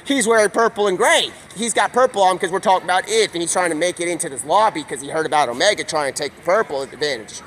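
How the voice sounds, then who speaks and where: Excitable high-voiced man rambling a story. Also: a little hiss or hum. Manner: excitable, rapid stream of consciousness with quick voices for characters. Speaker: streamer.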